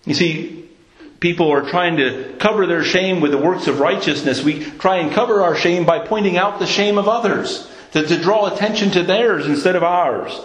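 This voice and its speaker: A man's voice: high-pitched, moderate pace, reverberant, low-quality recording. A man preaching a sermon in an earnest tone, often stumbling and repeating words as he searches for the next one.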